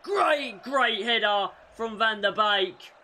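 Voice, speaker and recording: A young man commentating on his own football video game, bursting into loud shouts at goals and sinking into muttered frustration in between. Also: sits high, expressive, slow pace, slight background noise. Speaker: gaming YouTuber. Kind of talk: excitable gameplay commentary.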